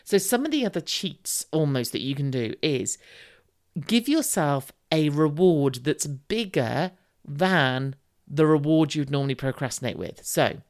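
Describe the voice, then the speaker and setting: A woman's voice: sits low, expressive, unhurried, darkish tone. A woman in her forties hosting a solo podcast, giving candid, chatty, self-deprecating advice. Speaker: podcast host.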